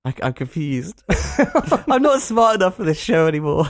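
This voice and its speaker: A man's voice: fairly high pitch, big pitch swings, normal speed, no echo, studio quality. A man co-hosting a podcast in casual chat, easygoing and self-deprecating as he tells stories. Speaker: podcast co-host.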